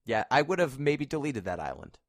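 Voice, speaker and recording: A man's voice: mid-range voice, very animated, a little fast, no echo. Dry-sounding man explaining game tips. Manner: explains at length, wry asides. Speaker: podcast co-host. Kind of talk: casual podcast chat.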